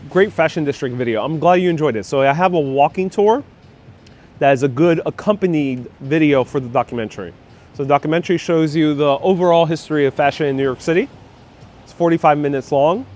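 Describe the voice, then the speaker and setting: A man's voice: medium pitch, a little mellow. Chatty man live-streaming a street walk. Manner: chatty and upbeat, laughs often. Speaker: live-stream host walking the city. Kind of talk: casual live-stream chat reading viewer comments. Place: outdoors on busy city streets. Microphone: wireless clip-on mic with phone on gimbal.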